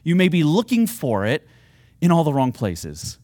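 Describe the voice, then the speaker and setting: Man, pastor, sermon, earnest, fervent appeals, animated pitch, dry recording. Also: moderate pace, dry recording.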